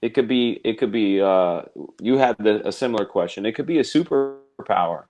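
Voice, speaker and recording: A man hosting a casual interview, talking in a relaxed, rambling and self-deprecating way. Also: lowish voice, moderate pace, dull audio. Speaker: podcast host.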